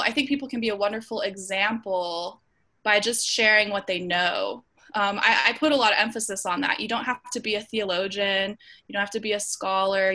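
Bright-voiced woman hosting a video call. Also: mid-range voice. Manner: earnest, frequent ums and self-restarts. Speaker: host of an online Bible study. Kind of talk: casual group discussion.

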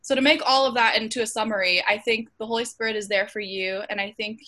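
A woman leads a group discussion over a video call. Her voice is bright and forward, and her speech is earnest, dotted with ums and small restarts. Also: on the high side, steady tone, quick pace. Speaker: host of an online Bible study.

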